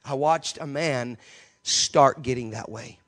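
A man preaching a passionate sermon as a pastor in a church, with sudden loud outbursts. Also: mid-range voice, slow.

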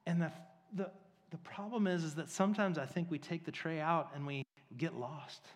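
A man's voice: a little high, moderate pace. A man preaching a casual, conversational sermon, telling stories with lots of fillers. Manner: casual, filler-heavy, storytelling. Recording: long reverb of a large hall.

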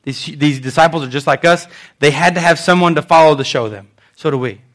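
A man preaches in an animated way, rising loud and dropping soft. His voice sits fairly high for a man. He plays out quotes in different voices. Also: a little fast. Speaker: pastor. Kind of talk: sermon.

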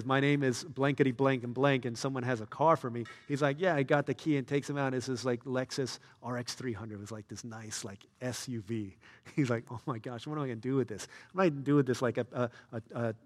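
Male pastor, mid-pitched, lively storyteller, soft to loud. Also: big-room sound. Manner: storytelling, swings between soft and loud, excited. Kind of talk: sermon.

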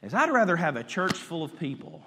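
A high-voiced man preaching to his congregation, his pitch swinging widely as he acts out people's inner thoughts. His voice has a slightly husky edge, and it rings out with a long reverb in a church sanctuary. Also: sing-song, a little fast, bright, forceful tone. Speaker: pastor. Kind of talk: sermon.

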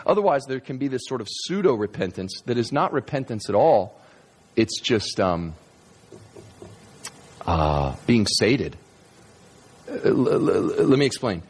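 Conversational male preacher, animated. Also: mid-range voice, a little slow, long pauses, breathy edge. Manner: conversational, animated storytelling with many restarts. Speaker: pastor. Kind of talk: sermon.

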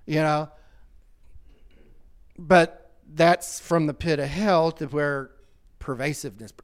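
A man's voice: on the high side, steady tone, takes it slowly, clean tone. A man who is a pastor, talking in a casual teaching way, emphatic and heated at times, with frequent restarts.

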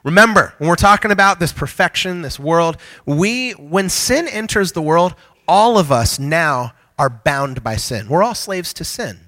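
Energetic man preaching a sermon. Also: fairly high pitch, measured pace. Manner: joking with the congregation, energetic and conversational. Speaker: pastor.

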